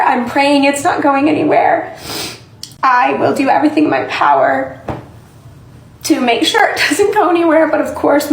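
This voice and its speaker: A woman content creator talks to her followers while crying. Her voice is high, and she keeps halting, filling the pauses with ums. The sound comes back off the walls of a roomy, echoey space. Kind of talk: tearful casual talk to followers.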